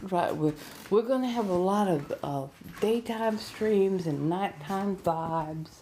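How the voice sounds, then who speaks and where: A woman hosting a relaxed late-night ASMR livestream, chatting softly and playfully and sometimes dropping into a whisper. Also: low voice, slight background noise. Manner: soft-spoken, drifting into whispers.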